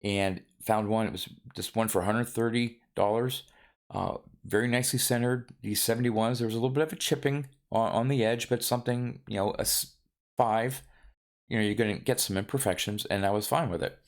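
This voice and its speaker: A man's voice: lowish voice, fairly even intonation, fairly quick. A man vlogging about his card collecting in a casual, rambling way, with many ums and restarts.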